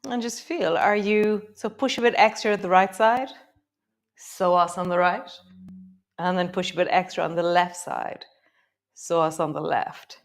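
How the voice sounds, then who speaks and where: A woman teaching a live guided yoga class, giving gentle, encouraging movement cues broken up by chatty asides, and slowing and softening her voice as she talks students through each move. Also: lowish voice, fairly even intonation.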